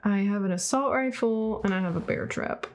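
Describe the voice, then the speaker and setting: A woman giving let's play commentary on a game, reacting out loud, swearing and laughing often, and yelping when startled. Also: medium pitch, moderate pace, slight background noise. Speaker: gaming video creator.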